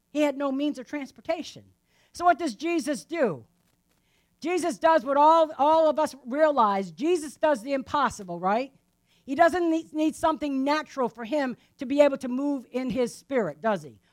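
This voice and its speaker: Woman, high voice, conversational preacher, rhetorical questions to the listeners. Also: animated, moderate pace. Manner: asks the listeners rhetorical questions, tags lines with "right?". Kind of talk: conversational Bible teaching.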